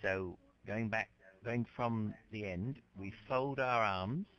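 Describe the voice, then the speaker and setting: A man teaching an English class, explaining words slowly and patiently to his students. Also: on the low side, a bit bright. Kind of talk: classroom lecture. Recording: dull lo-fi lecture recording.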